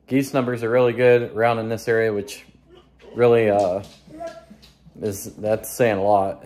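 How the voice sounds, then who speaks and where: A young man talking casually to his viewers in a relaxed, rambling way with lots of fillers. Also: fairly low pitch. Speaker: hunting vlogger. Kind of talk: casual vlog talk.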